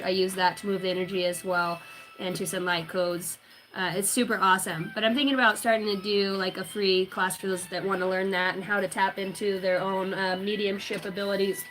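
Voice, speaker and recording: A woman who works as a tarot reader and medium, rambling through a casual livestream chat with lively storytelling and frequent swearing. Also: medium pitch, rough recording.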